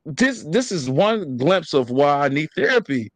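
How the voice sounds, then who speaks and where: A man with a high, lively voice pours out his feelings in a candid podcast chat. He swears freely and jumps in over the others. The sound is close and dry. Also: a little slow, no echo. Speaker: podcast co-host.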